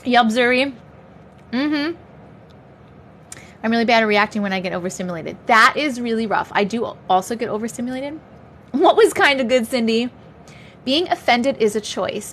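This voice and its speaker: Live-stream host, woman in her 30s: animated, high voice, giggly, faint background noise. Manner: laughs often, chatty and upbeat. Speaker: livestream host. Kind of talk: casual live-stream chat.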